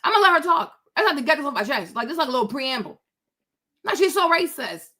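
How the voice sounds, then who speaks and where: Talking fast in a high, sing-song, sharp-toned voice, a female host rants through casual commentary on her own show. She repeats herself emphatically, frequently tags on "right?", and calls out viewers by name as she checks in with them.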